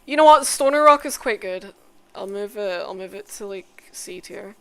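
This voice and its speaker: Bright, clear-voiced young woman ranting casually. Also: medium pitch, normal speed. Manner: swears often, trails off, mumbles asides; bursts into loud excited outbursts. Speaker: content creator. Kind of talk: casual tier-list commentary.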